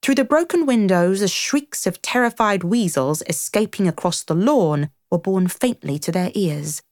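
A woman reading a classic storybook aloud with an expressive, dramatic manner. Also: medium pitch, normal speed, dry recording, clean studio sound. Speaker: narrator.

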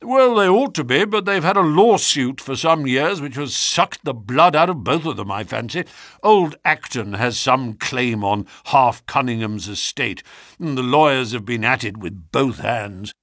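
A man's voice: medium pitch, animated, unhurried, a bit bright, no echo, clean studio sound. A man voicing a genial older country colonel, talking in a matter-of-fact way.

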